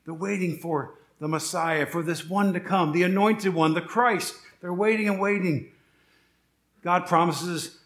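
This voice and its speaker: A man's voice: high voice, fairly even intonation, unhurried, a bit bright, echoey room. A middle-aged male pastor preaching a sermon in a conversational way, full of rhetorical questions and joking asides.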